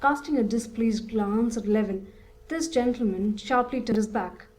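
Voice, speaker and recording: A woman narrating a classic novel as an audiobook in a steady, measured reading. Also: fairly high pitch, a little hiss or hum, rough recording.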